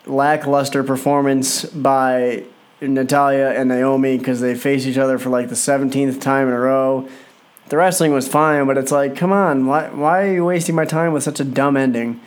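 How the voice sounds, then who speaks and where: A man's voice: medium pitch, steady tone, normal speed. A young man reviewing a wrestling show in a casual, rambling, exasperated way, full of fillers. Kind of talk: casual solo commentary.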